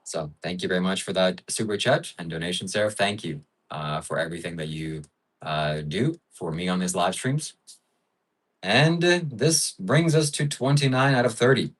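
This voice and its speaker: A man hosting a casual livestream rambles along in a lowish voice, with frequent fillers as he muses. He sits a little way back from the mic. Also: expressive, moderate pace, a bit bright, far from the mic, poor audio. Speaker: livestream host.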